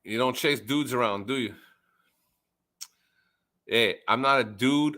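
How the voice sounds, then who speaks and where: A man in a casual group chat, ranting loudly with constant swearing and stammered repeats, his pitch jumping whenever he gets riled up. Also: slow pace, pauses often. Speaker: chat participant. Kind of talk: casual profane rant.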